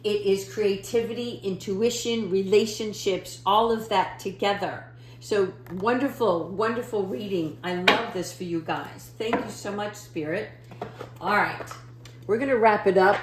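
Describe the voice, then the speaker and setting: A woman's voice: mid-range voice, reverberant, a little hiss or hum. A woman giving a casual, encouraging tarot reading to her viewers, often checking in with "okay?". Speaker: tarot reader.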